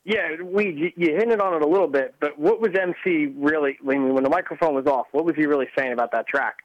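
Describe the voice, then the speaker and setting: A man's voice: on the high side, fairly quick, no room sound, muffled recording. A man calling in to a podcast, asking a question eagerly. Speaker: caller.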